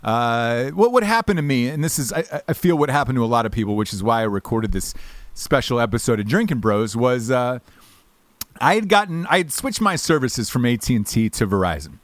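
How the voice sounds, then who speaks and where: A man hosting a podcast, telling a story in a casual, animated way with frequent swearing. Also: mid-range voice, fairly quick, no echo. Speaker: podcast host.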